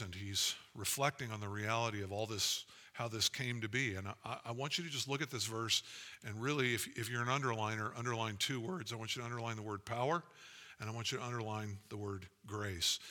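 Bright-voiced male preacher in a hall. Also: medium pitch. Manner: earnest, building to emphatic preaching. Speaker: pastor. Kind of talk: sermon. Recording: long hall reverb.

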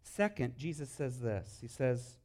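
A man preaching a sermon as pastor, telling humorous stories and swinging from hushed, earnest moments to loud, lively bursts. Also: mid-range voice, unhurried.

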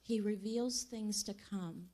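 A woman's voice: mid-range voice, mellow. A woman church member speaking an earnest prophetic exhortation during a church service. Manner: slow and earnest. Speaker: church member sharing a word.

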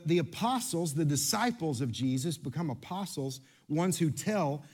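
Male pastor, high-pitched tenor, playful and interactive sermon delivery in a church. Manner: lively, interactive, playful with congregation. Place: church sanctuary.

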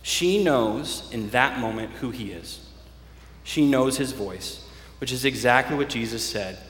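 A man's voice: medium pitch, a bit bright, a little hiss or hum. Earnest male pastor preaching in a hall. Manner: earnest, with slow emphatic phrases. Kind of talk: sermon. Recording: echoey church hall.

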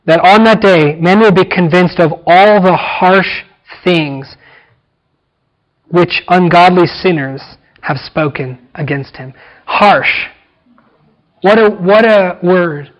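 A man preaching an expository sermon, repeating key words and slowing down for emphasis. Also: high voice, highs cut off. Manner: emphatic, repeats phrases, slows down for weight.

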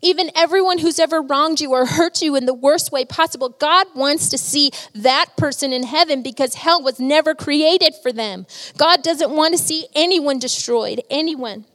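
A woman's voice: high voice, moderate pace, a bit bright, long reverb tail. A woman preaching a sermon, telling stories earnestly and with emotion.

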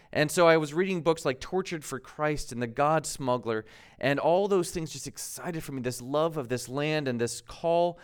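A man's voice: a little high, clear, resonant tone. A man in his thirties from the United States, preaching a conversational sermon as pastor, laughing at himself now and then.

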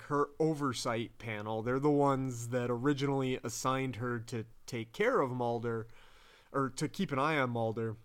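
Man, podcast host, casual recap, chatty, laughing, mid-pitched voice. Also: clean tone. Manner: chatty, laughing, acts out quotes in bigger voices.

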